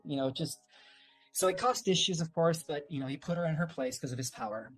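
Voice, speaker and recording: A man's voice: fairly high pitch, fairly quick, soft background music. A man, a guest on an interview, telling a long family story in a loose, rambling way with many fillers and restarts. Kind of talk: casual storytelling.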